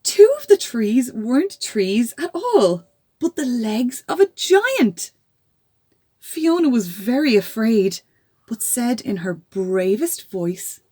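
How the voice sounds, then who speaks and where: A woman, a teacher, reading a children's storybook aloud with gasps and hushed asides. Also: on the high side, slow pace, husky. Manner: animated, with stage gasps and whispers.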